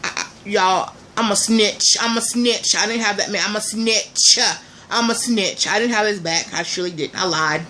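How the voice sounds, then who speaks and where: Woman vlogger, storytime monologue, mid-pitched voice, faint background noise, animated and repetitive. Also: normal speed. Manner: animated, talks straight to viewers, repeats herself.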